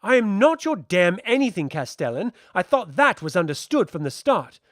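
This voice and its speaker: A proud young princess with a cutting, commanding tone, as a man reads her part. Her voice rides high and leaps around with lively swings. The sound is dry and close. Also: measured pace, no echo. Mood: angry.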